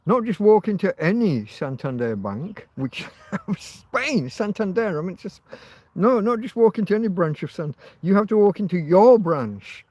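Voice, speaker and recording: A man's voice: high voice, animated, moderate pace, darkish tone, no room sound. A man hosting a casual livestream, rambling, laughing often and swearing. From Britain. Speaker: livestream host.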